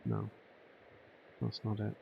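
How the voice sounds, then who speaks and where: A man's voice: fairly low pitch, very animated, slow, vocal fry, lo-fi sound, slight background noise. A man doing let's play commentary, thinking aloud and muttering to himself while he works through a puzzle. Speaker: gamer.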